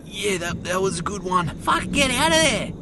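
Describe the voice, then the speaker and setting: A man acting in a comedy skit, loud, profane and excitable. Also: high voice, moderate pace. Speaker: comedy creator. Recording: loud background noise.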